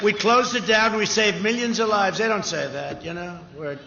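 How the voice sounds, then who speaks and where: A man's voice: high voice, normal speed, gravelly, sharp tone. A man giving a campaign rally speech outdoors before a large crowd, talking in rambling, repetitive, boastful riffs. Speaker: political speaker at a rally. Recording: echoey, dull PA sound with crowd noise. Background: cheering crowd.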